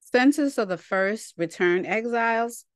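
A woman's voice: fairly high pitch, expressive, unhurried, no room sound, clean studio sound. A woman teaching a scripture lesson in a chatty, colloquial way, reading passages and breaking off into asides. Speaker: Bible teacher.

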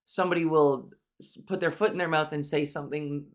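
A woman's voice: low voice, fairly even intonation, a little fast. A woman with a nasal voice hosts a solo podcast. She talks candidly and swears freely, and her monologue rambles along with restarts. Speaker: podcast host.

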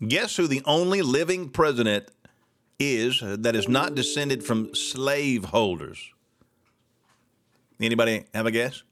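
A man's voice: medium pitch, expressive, a little slow, pauses often, a bit bright. A middle-aged man hosting a solo talk show, ranting with sarcastic indignation.

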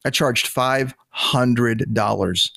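A man's voice: medium pitch, extremely slow, gravelly, sharp tone, no echo. Blunt, dry-voiced male podcast host. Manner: blunt, exasperated, swears freely. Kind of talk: casual podcast talk. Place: home podcast studio.

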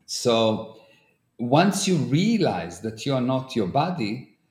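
Israeli guy explaining stuff earnestly on a podcast, mid pitch, echoey room. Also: big pitch swings, slow, darkish tone. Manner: earnest, explains with everyday examples, non-native grammar. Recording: roomy echo.

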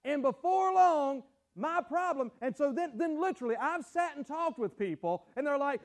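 A man's voice: extremely high pitch, lively intonation, moderate pace, hardly any pauses. A man preaching a sermon as pastor, telling folksy stories and acting out the voices of the people in them. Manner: folksy storytelling, acts out quoted voices.

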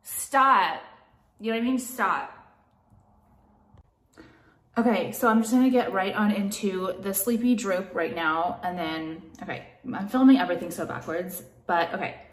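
A woman's voice: mid-range voice, fairly even intonation, fairly quick, few pauses, reverberant. A woman makeup vlogger ranting at home, exasperated and profane, with "like" in nearly every sentence. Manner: exasperated, profane, heavy use of "like". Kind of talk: ranting vlog monologue.

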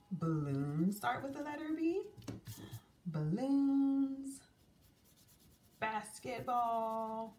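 With a voice on the high side and a darkish tone, a teacher leads little kids through a drawing lesson. She coaxes and sings her words while drawing and posing questions, recorded on a distant mic with faint room noise.

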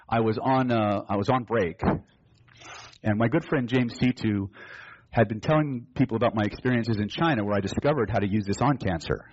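Husky, low-voiced male trainer, animated storyteller, dull lo-fi seminar recording. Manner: animated storyteller, acts out both sides of dialogue. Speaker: hypnosis and NLP trainer. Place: seminar room with audience.

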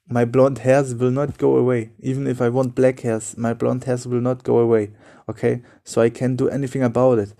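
A man's voice: medium pitch, dark tone. A young man who is not a native English speaker, hosting a solo podcast in an earnest, repetitive way with loose phrasing. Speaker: podcast host. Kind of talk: solo motivational podcast talk.

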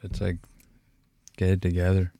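A young man from Canada hosting a podcast, talking candidly and emotionally in halting, profane speech full of fillers and restarts, with frequent sighs. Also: low-pitched, monotone, warm tone, no echo. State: emotional, sighing. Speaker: podcast host.

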